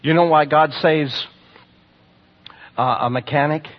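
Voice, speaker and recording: A man preaching, telling testimony stories to a congregation, swinging from loud bursts to hushed lines. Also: a little high, measured pace. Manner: storytelling, animated with sudden loud bursts and hushed drops. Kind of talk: sermon testimony. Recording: dull lo-fi sermon recording.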